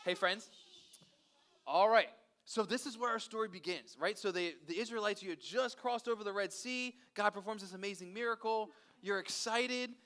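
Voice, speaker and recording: A man leading a children's Bible story, energetic, playful and chatty with the kids. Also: sits high, normal speed. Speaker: children's pastor.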